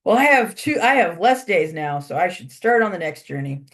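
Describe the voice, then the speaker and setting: A woman voicing an eager, impulsive young male warrior in a spoken legend, casual and quick. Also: lowish voice, very animated, a bit bright. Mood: hurried.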